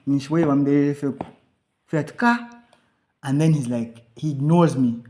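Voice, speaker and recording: A man telling a rambling, animated story on a podcast, swearing freely and acting out the lines of the people in it. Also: on the high side, measured pace, pauses often. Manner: animated, swearing, acts out quoted dialogue. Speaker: podcast co-host. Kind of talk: casual storytelling chat.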